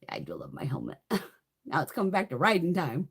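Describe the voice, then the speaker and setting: A woman's voice: a bass voice, huge pitch swings, quick pace, husky. A woman hosting a casual makeup livestream, telling blunt, heavily profane stories while chatting with viewers. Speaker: beauty livestream host. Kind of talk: casual live chat while doing makeup.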